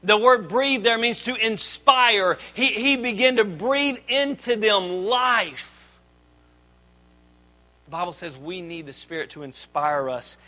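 A man in his thirties preaching a sermon as pastor, swinging between loud emphatic lines and quiet asides. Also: high-pitched, slow pace, low-quality recording.

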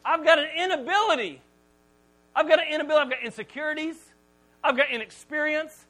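A man's voice: high-pitched, quick pace, fairly bright tone. A man doing an anxious, stammering Moses. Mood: despairing. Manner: whiny, pleading, stammering. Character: Moses, anxious insecure man who stutters.

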